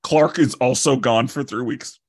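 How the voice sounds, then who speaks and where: A man's voice: medium pitch, unhurried, breathy edge. A man co-hosting a podcast, recapping a film in a rambling, casual way with many fillers. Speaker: podcast co-host.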